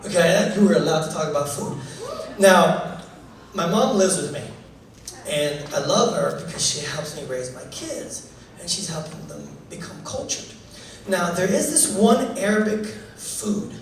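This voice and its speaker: A man in his thirties from Canada performing a stand-up comedy set, animated and joking, building to loud punchlines. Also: high voice, a little slow, recorded from a distance, slight background noise. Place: comedy club stage. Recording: echoey club recorded from afar.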